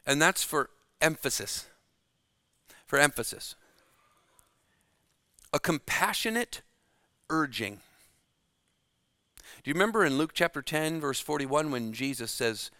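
A man preaching a sermon, slow and dramatic, dropping to a hush to stress key words. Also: fairly high pitch, big pitch swings, no echo, studio quality.

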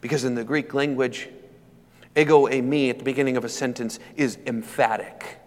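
A man's voice: medium pitch, steady tone, normal speed. Preaching man in an echoing hall. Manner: dynamic preaching, building from hushed to loud emphatic peaks. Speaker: pastor. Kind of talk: sermon. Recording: long hall reverb.

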